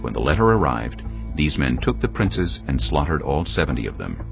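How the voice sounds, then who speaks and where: A man narrating scripture in a measured, dramatic storytelling manner. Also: very deep voice, big pitch swings, creaky. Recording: dull lo-fi with background music.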